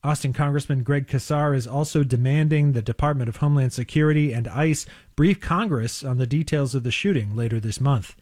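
A man's voice: medium pitch, a little fast, darkish tone, no room sound. Man filing a dry radio news report.

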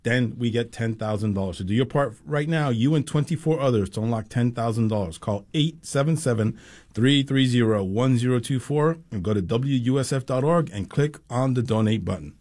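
A man's voice: mid-range voice, a little fast, darkish tone. Upbeat male public radio host. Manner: upbeat, persuasive, clear. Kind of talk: pledge drive on-air appeal.

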